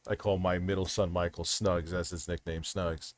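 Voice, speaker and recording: A man's voice: low voice, fairly even intonation, normal speed, hardly any pauses, no room sound, clean studio sound. A man hosting a livestream, chatting casually with lots of swearing, rambling and restarting his sentences. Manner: restarts and trails off. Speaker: livestream host.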